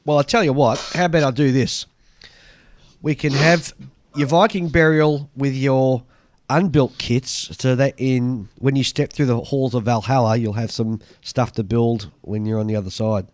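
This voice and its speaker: A man's voice: mid-range voice, fairly even intonation, moderate pace, darkish tone, no room sound. Australian male podcast co-host, chatty mail reader, dry close-miked sound. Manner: chatty, reads letters aloud with dry asides. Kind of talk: casual chat.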